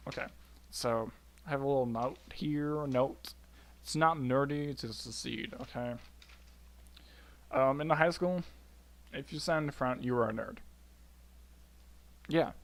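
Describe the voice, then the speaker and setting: A young man in his first college semester, chatting playfully and casually as he gives advice in a vlog, often checking in with "okay?" and "you know?". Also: mid-range voice. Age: young adult. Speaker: college freshman vlogger.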